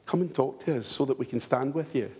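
Pastor guy preaching in a big echoey church, raspy gravelly voice, lo-fi muffled sound. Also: mid-range voice, quick pace, darkish tone. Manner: earnest, pleading, rhetorical questions. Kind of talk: sermon. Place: church hall. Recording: dull lo-fi church hall recording with long reverb.

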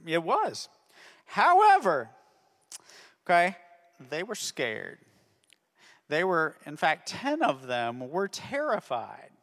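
A man's voice: on the high side, huge pitch swings, slow pace, pauses often, a bit bright. A man telling a Bible story to children as a ministry teacher, constantly checking in with "okay?". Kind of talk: Bible story lesson for kids. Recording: long reverb of a hall.

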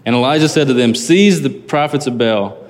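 A man, a pastor, giving a casual, conversational sermon, reading scripture aloud and explaining it with lively asides. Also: medium pitch, a little fast, big-room sound.

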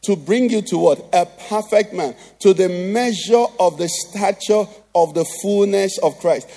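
Nigerian pastor guy preaching, highish mellow voice, keeps asking "what?" back at the crowd. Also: a little slow. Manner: preaches with rhetorical call-and-response questions. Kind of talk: sermon.

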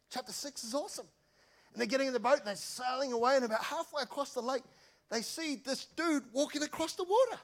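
A male pastor, preaching a sermon in an energetic, chatty, jokey storytelling way. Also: very high voice, quick pace.

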